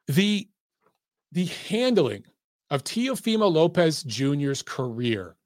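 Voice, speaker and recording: A man's voice: fairly high pitch, big pitch swings, takes it slowly, no room sound. Profane, emphatic man, bone-dry sound. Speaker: boxing podcast host. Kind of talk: casual ranting commentary.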